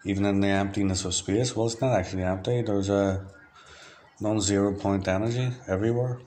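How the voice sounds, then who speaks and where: With a faint hum behind him, this Irish diarist talks fairly quickly in a low monotone. His rambling monologue drifts word to word by free association, delivered flatly and matter-of-factly.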